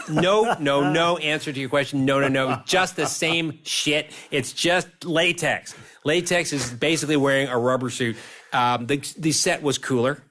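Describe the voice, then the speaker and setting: A man in his fifties, a guest on an interview podcast, telling lively stories and laughing often. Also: a little high, measured pace. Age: 50s. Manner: animated storyteller, laughs often. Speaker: guest actor.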